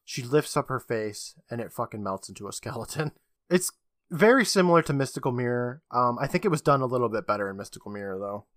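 A man's voice: medium pitch, expressive, quick pace, a bit bright, dry recording, studio quality. A man co-hosting a podcast, recapping an episode in a casual, joking storytelling manner with casual swearing. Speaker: podcast co-host.

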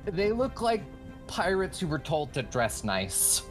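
Game master, mid-pitched, hesitant narration with faint music behind. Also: very animated. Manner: halting, many ums and uhs.

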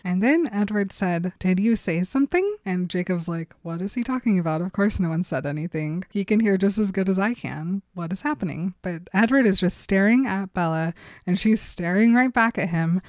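A woman chatting on a podcast, retelling a story scene by scene in an ordinary mid-range voice. She slips in quick acted-out lines and laughs along the way. The sound is dry and close, with little room tone. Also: mid-range voice, no echo. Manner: animated retelling, acting out quotes with laughs. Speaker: podcast co-host recapping a book. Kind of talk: casual chat.

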